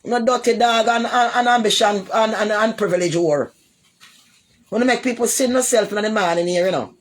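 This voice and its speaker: Speaking fairly quickly with a fairly high pitch, a woman with a Jamaican accent rants casually to her live viewers. She is rambling and repetitive, revisiting the same points, and she meets commenters with blunt insults.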